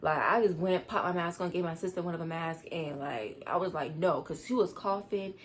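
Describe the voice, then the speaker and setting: A teenage girl telling a storytime vlog, rushed and rambling as she tries to calm down. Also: on the low side. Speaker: vlogger.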